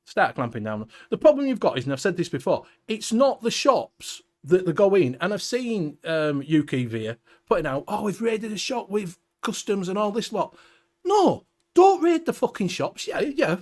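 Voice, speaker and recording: A man's voice: high-pitched, very animated, a little slow. A Welsh man hosting a casual livestream chat, ranting bluntly with heavy swearing. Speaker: show host.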